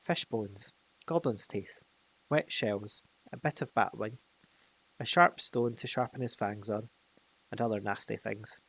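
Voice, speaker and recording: A man's voice: fairly low pitch, a little slow, creaky, fairly bright tone, husky, low-quality recording. A man reading a fantasy storybook aloud, with occasional slips and restarts. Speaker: narrator.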